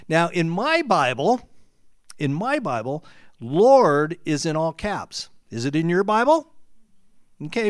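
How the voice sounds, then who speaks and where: A man preaching a sermon, shifting from relaxed, conversational teaching to a rising, shouted climax. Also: high-pitched, no echo, clean studio sound.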